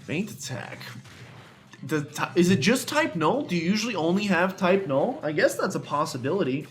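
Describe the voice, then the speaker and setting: Young male let's-player, animated and chatty, talks back to the game; soft music under him. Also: high voice, a little fast. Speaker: gaming YouTuber. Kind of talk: let's play commentary.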